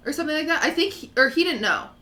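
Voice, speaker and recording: A woman streamer telling a story in casual chat, animated and acting out quotes from other people. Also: high-pitched, very fast, echoey room, a little hiss or hum.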